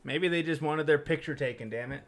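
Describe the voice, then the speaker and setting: Reading scary stories on a podcast he co-hosts, a young man keeps things casual with joking asides and goofy voices for quoted characters. He talks fairly quickly in a fairly high, fairly bright voice.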